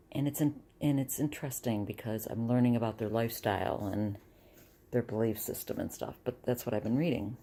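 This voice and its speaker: A woman's voice: very deep voice, gravelly, mellow. A middle-aged woman talking casually in a home vlog, rambling with restarts. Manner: rambling, chatty, restarts often. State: dizzy and close to tears. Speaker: vlogger.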